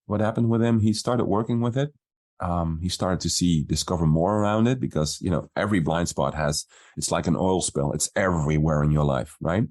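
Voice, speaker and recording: Brief: low-pitched male business coach, relaxed podcast storyteller who voices the quoted dialogue.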